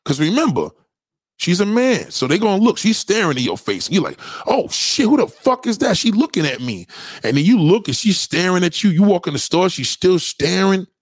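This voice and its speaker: Here a man with a high voice rants briskly and comedically to camera, spinning stories thick with profanity and street slang. He brings them to life by acting out the voices he quotes. The recording is dry and clean, studio-grade.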